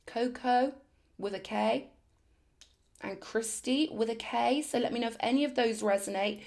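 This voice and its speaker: A woman's voice: a little high, normal speed, creaky, darkish tone. A woman doing a spiritual tarot reading, talking in emphatic, affirming bursts and repeating phrases for effect. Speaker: tarot reader.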